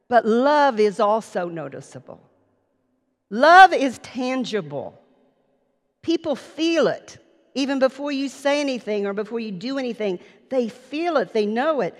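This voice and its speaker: A woman preacher telling a personal story in an earnest sermon, recorded in a church sanctuary. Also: a little high. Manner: personal anecdote, earnest, slow. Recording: long reverb of a church hall.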